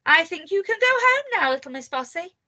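A woman's voice: extremely high pitch, very animated, fairly quick, bright, forceful tone, voice pushed up, heavily acted. A woman voicing a prim, sensible little woman who speaks firmly.

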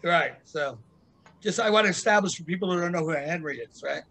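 High, gravelly male interview host. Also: a little fast, pushed and bright, a little hiss or hum. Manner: chatty, laughs often, interjects. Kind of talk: casual interview.

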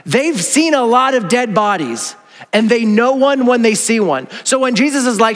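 A man preaching a sermon as pastor, animated and conversational, acting out quoted voices with asides to the congregation. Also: very high-pitched, moderate pace. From North America. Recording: long hall reverb.

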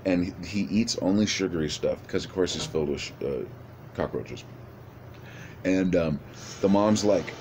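A man with a very low voice pitching a movie idea in a loose, rambling way, swearing freely and restarting his sentences. A faint hiss sits under his voice. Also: expressive, normal speed, a little mellow. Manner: rambling, profane, many restarts. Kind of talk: casual rambling monologue.

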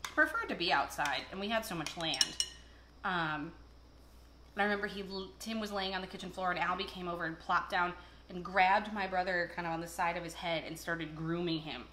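Brisk and sharp-toned, this fairly low-pitched female cooking host chats through rambling, filler-laden stories while she cooks. The kitchen echoes with clattering dishes, and there is slight background noise.

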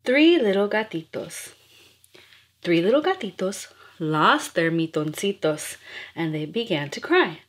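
A woman's voice: on the low side, big pitch swings, unhurried. A woman reading nursery rhymes aloud in a playful, rhythmic, sing-song way. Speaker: storyteller.

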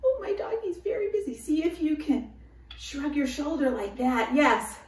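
A woman leading a children's movement and song lesson from her home, speaking in a slow, encouraging sing-song way. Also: sits high, animated. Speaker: children's movement and music leader. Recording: echoey room, mic at a distance.

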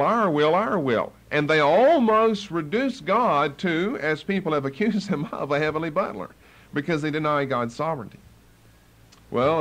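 A man preaching a Bible study sermon as pastor, emphatic, driving points home by repeating key phrases. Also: on the high side.

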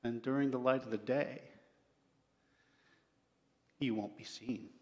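A man voicing a calm, firm Creator figure who speaks to the animals in a story during a sermon. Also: mid-range voice, takes it slowly, lo-fi sound, close to an everyday voice. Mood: firm scolding. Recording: long hall reverb.

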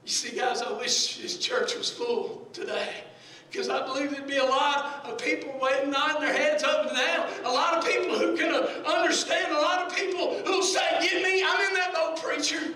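A man preaching a sermon with passion, repeating words and swinging between quiet pleading and shouting, in a nearly empty church. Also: very high-pitched, fairly even intonation, moderate pace. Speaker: pastor. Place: large near-empty church. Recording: very echoey church from far off.

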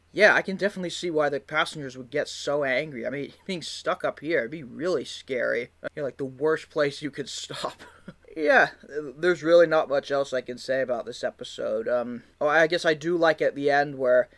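Male video creator, mid-pitched, loose and rambling, laughs a lot. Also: a bit bright. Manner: rambling, many fillers, laughs often. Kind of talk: casual video commentary.

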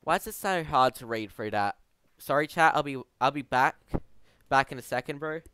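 A man's voice: mid-range voice, normal speed, bright, forceful tone, clear, resonant tone, no room sound. A man streaming a game, chatting casually and rambling to his chat, calling them bro. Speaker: gaming streamer.

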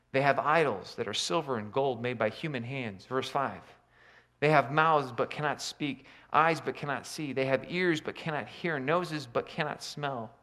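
A man preaching a sermon, swinging between loud emphatic lines and quiet low asides. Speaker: pastor.

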